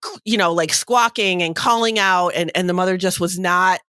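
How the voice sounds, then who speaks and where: A woman's voice: on the low side, moderate pace, smooth, no room sound, studio quality. A woman co-hosting a podcast, telling stories in casual chat with lots of fillers. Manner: animated storytelling with many fillers. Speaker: podcast co-host.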